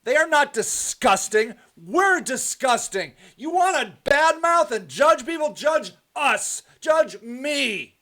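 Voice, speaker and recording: A man hosting his own live stream, delivering a heated, repetitive monologue that drifts into soft rambling. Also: extremely high pitch, big pitch swings, slow, few pauses. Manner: preachy, repetitive, ranting then softly rambling. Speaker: host of a live stream show.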